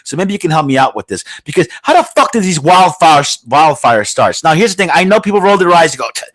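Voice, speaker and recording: Profane blustering New podcast host. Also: male voice, a little high, big pitch swings, quick pace, fairly bright tone, no room sound. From New York. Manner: profane, rambling, joking, blue-collar bluster. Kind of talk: casual podcast chat.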